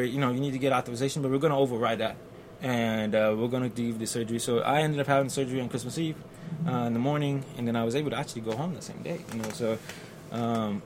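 A man with a medium-pitched voice tells a personal story in casual conversation, with a little hiss or hum in the background. He's animated, acting out the voices of the people involved, and his speech has fillers and restarts.

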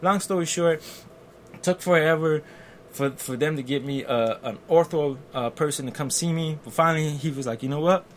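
A man's voice: a little high, normal speed, a little hiss or hum. A man, telling a personal story in casual conversation and acting out the voices of the people in it. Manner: animated, acts out quotes, fillers and restarts.

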